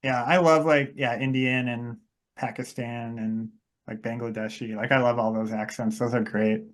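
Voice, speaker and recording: A man's voice: medium pitch, little pitch movement, moderate pace. A man with a Wisconsin accent talking casually on a podcast, thoughtful, saying "like" often and correcting himself as he goes. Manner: thoughtful, heavy use of "like", self-correcting. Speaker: podcast host. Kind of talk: casual chat.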